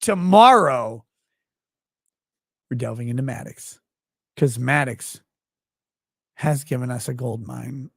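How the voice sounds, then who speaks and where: A man with a gravelly, creaky voice hosts a live stream from a close mic, reading chat messages aloud in a sardonic, joking way. His delivery jumps between loud bursts and muttered asides. The sound is dry and close, with no room echo. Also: mid-range voice, fairly even intonation, unhurried, long pauses. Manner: sardonic, jokey, with sudden loud outbursts and quiet asides. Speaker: show host.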